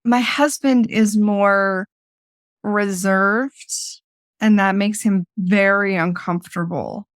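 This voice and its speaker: A woman's voice: mid-range voice, steady tone, slow, no echo, clean studio sound. A woman hosting a podcast in casual chat, talking freely and laughing often as she restarts her sentences. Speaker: podcast host.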